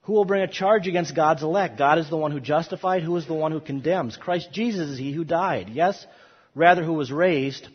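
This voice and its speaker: A man's voice: fairly high pitch, fairly quick, breathy edge. A man teaching a Bible course, lecturing emphatically and rising on quoted verses, with frequent restarts. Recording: dull audio in a long-echo hall.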